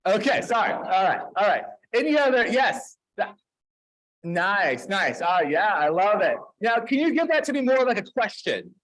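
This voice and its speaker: Playful male service leader with a strikingly high voice, coaxing the crowd into joining a story. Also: sing-song, a bit bright, low-quality recording. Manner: playful, encouraging, quick back-and-forth with the crowd. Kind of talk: leading a holiday service with a participatory story. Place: dim room at a congregation gathering.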